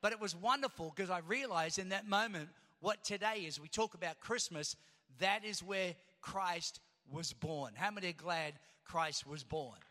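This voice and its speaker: A middle-aged man preaching a sermon as pastor, telling a story and then rising to loud preaching. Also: high-pitched, normal speed. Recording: long hall reverb.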